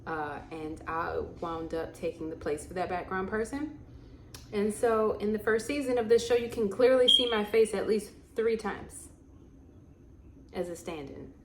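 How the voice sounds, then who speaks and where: A young woman tells stories in a lively, chatty way, laughing and mimicking people as she goes. Her voice bounces around an echoey room, with a faint hum of ambience underneath. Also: fairly low pitch, moderate pace. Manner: animated, laughing, acts out quotes. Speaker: vlogger and actor. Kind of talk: casual storytelling to camera.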